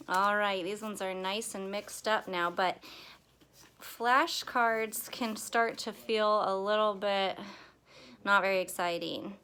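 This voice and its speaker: A young woman teaching young children in a gentle, playful way, sometimes singing and acting out her class. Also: mid-range voice, steady tone, slight background noise. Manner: slow, gentle and playful, sings and acts out the class. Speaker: pre-K teacher. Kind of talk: children's lesson video.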